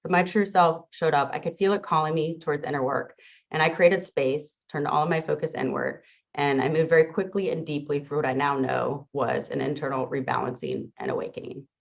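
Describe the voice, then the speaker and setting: A woman's voice: low voice, fairly quick, gravelly. A middle-aged woman, a teacher and coach, giving an earnest, reflective motivational talk to an audience. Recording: dull lo-fi sound.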